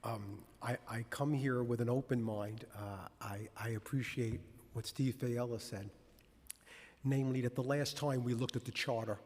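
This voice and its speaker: A man with a husky voice gives opening remarks at a public meeting, chatty and self-deprecating, with many "uh"s. A long reverb trails his words through the large chamber. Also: medium pitch, a little mellow. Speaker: commission member, former council member.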